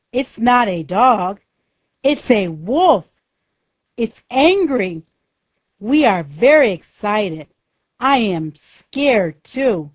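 A woman narrates a simple story aloud in a careful, deliberate reading. Her pace is very slow and her pitch moves lively up and down. The sound is dry and close. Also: dry recording.

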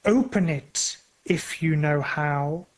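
A storyteller voicing a wicked female witch who gives slow, threatening commands in a storybook reading. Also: medium pitch, lightly acted, low-quality recording. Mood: menacing.

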